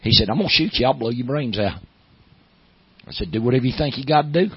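A middle-aged man with a Southern accent, a pastor preaching a sermon, moving from low storytelling to loud, emphatic preaching. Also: animated, fast, husky, no room sound, dull audio.

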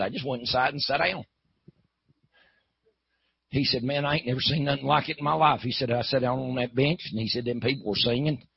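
Gravelly male preacher, folksy sermon storyteller, husky, dry lo-fi sound. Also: medium pitch, no room sound. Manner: folksy, builds to hollering. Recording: dull, lo-fi.

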